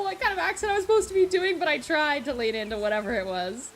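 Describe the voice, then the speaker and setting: A young Australian woman streaming live, chatting casually with viewers and reading aloud, giggly and animated. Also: high voice, fast, a little hiss or hum, poor audio.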